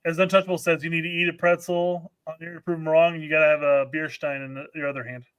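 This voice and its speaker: A man co-hosting a podcast in casual chat, joking and halting with restarts. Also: a little high, level tone, a bit bright, clean tone, no room sound, lo-fi sound. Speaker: podcast co-host.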